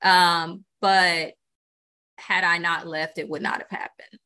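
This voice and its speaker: A woman's voice: lowish voice, little pitch movement, takes it slowly, bright, forceful tone, clear, resonant tone. A woman guest on a podcast, speaking earnestly and reflectively in candid conversation, often checking in with "you know" and "right?".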